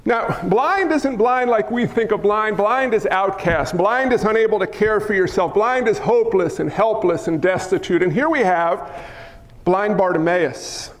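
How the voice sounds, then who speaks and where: High-voiced man preaching in a reverberant hall. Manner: dramatic storytelling, repeated lists, rhetorical questions, drops to a whisper. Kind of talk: sermon.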